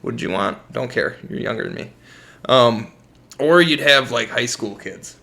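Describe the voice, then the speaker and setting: A young American man co-hosting a podcast tells profane work stories in casual chat, laughing often. His mid-range voice is animated and sharp-toned with vocal fry, at a moderate pace.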